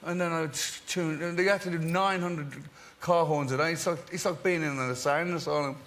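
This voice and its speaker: A man who is a musician, telling stories on a chat show, halting and stammering, with dry jokes. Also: fairly high pitch, steady tone, fairly bright tone. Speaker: musician guest. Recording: very noisy studio recording.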